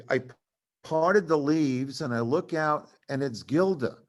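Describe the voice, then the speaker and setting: Older man telling lively stories. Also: a little high. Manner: animated, acts out other people's voices in quotes. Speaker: comedy writer telling stories to an audience. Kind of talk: live storytelling talk. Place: cultural center venue, live event.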